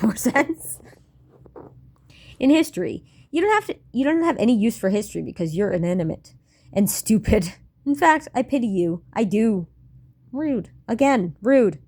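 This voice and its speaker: A woman's voice: mid-range voice, darkish tone. A woman in her late twenties reading her old diary aloud and commenting on it in a wry, self-mocking way, swearing and laughing often.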